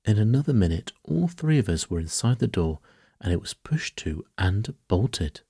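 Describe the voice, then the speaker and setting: A man reading a bedtime story as narrator, in a soft, even delivery. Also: lowish voice, moderate pace, husky, dry recording, clean studio sound.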